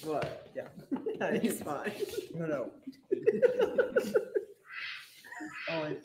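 A person in a video excitedly cooing at farm animals and laughing. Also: mid-range voice, extremely slow, pauses often. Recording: echoey room with crowd noise.

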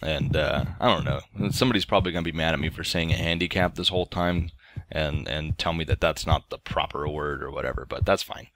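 Deep-voiced man rambling through a story. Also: a little fast, a bit bright, dry recording. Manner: rambling, lots of ums and restarts. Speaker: let's play host. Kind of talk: casual storytelling over gameplay.

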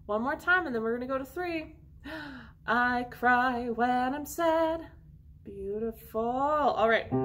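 Teaching music online to young children, this woman sings short phrases with an instrument and talks in a slow, encouraging way. Her voice is high-pitched.

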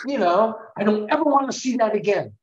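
Impression: a man voicing an indignant rock star boss, scolding, pitched up, lo-fi room sound. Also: lively intonation, brisk, roomy sound, distant mic. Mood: offended. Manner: scolding, offended.

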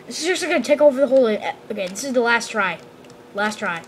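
Excitable woman doing game commentary. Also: on the high side, quick pace, slight background noise. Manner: excitable, shouts and exclaims. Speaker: gamer. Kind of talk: gameplay commentary.

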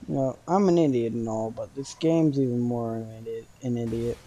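A young man casually commenting on his gameplay for viewers, joking around and now and then bursting out in loud excitement. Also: medium pitch, brisk. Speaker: gaming streamer.

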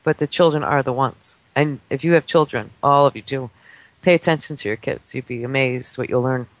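A man in his forties, a guest on a talk radio show, telling stories excitedly and acting out the voices of children. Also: medium pitch, a little fast, dry recording. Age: 40s. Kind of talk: casual talk-radio chat. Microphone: studio microphone.

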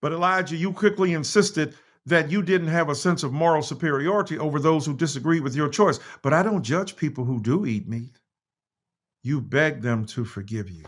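His voice a little high and husky at normal speed, an American man appears as guest author on a video call for a virtual talk. He reads aloud emphatically and with passion, stopping to apologize.

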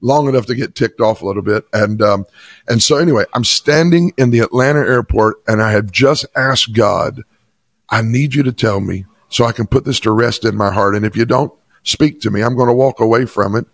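In this interview, a Chattanooga, Tennessee pastor tells his personal testimony with real emphasis. He speaks at a medium pitch and a brisk pace, with no echo on the audio.

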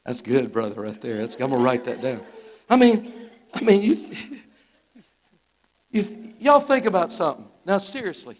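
Preaching live in a church sanctuary, this Arkansas man in his fifties speaks with a Southern American accent at a medium pitch and moderate pace, pausing often. As guest preacher, he tells stories in a fervent, folksy way.

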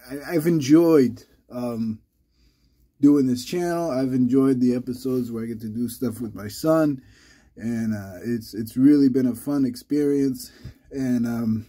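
A man hosting his channel in casual, rambling vlog talk, halting with many restarts, a little under the weather. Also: mid-range voice, warm tone, husky. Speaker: channel host.

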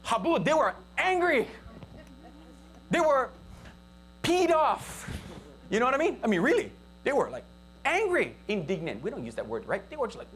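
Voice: sits high, sing-song, normal speed, husky. Chatty island-accented pastor preaching. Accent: Hawaii local English. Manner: conversational, asks the congregation for responses. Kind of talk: sermon. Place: church service, live-streamed.

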